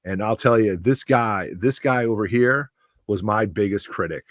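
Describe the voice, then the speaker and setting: A man's voice: lowish voice, moderate pace, dry recording, studio quality. A man in his forties hosting a comic book channel, giving a heartfelt, rambling and emotional spoken tribute.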